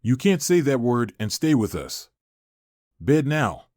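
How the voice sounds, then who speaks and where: A man's voice: medium pitch, very animated, slow, a little mellow, no room sound, clean studio sound. A man voicing a stern, controlled wife and mother in a read-aloud story, speaking firmly and scolding.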